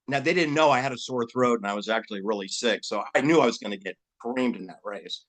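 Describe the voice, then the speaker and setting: Animated man firing off mocking questions. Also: fast talker. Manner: animated, mocking rhetorical questions, pitch jumping up for emphasis. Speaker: channel host. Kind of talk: rambling casual commentary.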